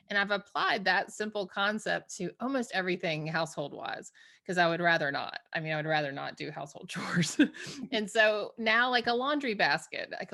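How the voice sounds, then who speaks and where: A woman hosting a podcast, chatty and expressive, who laughs easily. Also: medium pitch, moderate pace. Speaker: podcast host. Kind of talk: casual interview talk.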